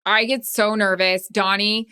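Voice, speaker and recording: A woman co-hosting a podcast and working as a sideline reporter, telling animated stories in a casual chat. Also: medium pitch, measured pace, clear, resonant tone, dry recording, clean studio sound. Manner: animated storytelling, nervous self-talk.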